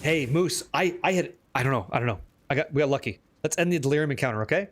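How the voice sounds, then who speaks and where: A man live-streaming a game, chatting and joking with viewers, excitable and profane. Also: medium pitch, fast talker. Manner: excitable, profane, teasing chat, reading questions aloud.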